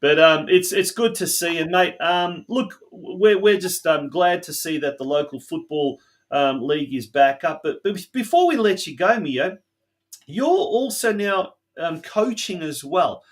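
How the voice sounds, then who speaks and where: A man's voice: fairly high pitch, lively intonation, measured pace. An Australian man hosting a local sports podcast, chatting casually and enthusiastically. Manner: chatty, enthusiastic, frequent restarts. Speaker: podcast host.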